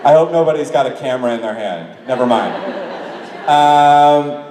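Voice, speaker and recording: Male actor at a fan panel, chatty and quick to laugh, mid pitch, booming hall sound heard from across the room. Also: lively intonation, mellow, far from the mic, a little hiss or hum. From New York. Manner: chatty, laughing often, self-deprecating. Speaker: actor answering fan questions on a convention panel. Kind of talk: casual convention Q&A. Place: large convention hall with audience. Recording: echoey convention hall through a PA, heard from afar.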